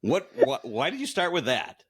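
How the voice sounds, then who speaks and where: Husky, wry male podcast co-host. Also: a little high, wildly swooping pitch, normal speed, a bit bright. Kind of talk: casual podcast chat.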